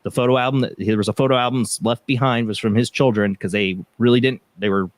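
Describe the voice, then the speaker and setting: A man's voice: medium pitch, fairly even intonation, fast, no echo. A man hosting a paranormal radio show, telling stories in casual rambling chat with many restarts. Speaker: podcast host.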